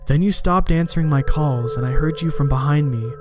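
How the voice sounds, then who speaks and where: A man's voice: a little high, brisk, over music, close to an everyday voice. A man voicing his shaken young friend, who explains in a rush what he heard.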